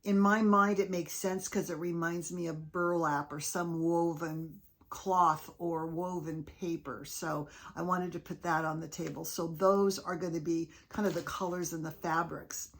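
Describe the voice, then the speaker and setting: A woman's voice: fairly low pitch, steady tone, a little slow. A woman hosting a casual crafting vlog, chatty and enthusiastic as she shows off her handmade pieces. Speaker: craft video host.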